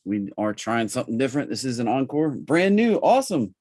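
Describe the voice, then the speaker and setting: A man with a Southern accent hosting a live trading webinar, talking in a relaxed, chatty way with plenty of fillers. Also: mid-range voice, a little fast, no echo, clean studio sound. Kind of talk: casual live webinar presentation.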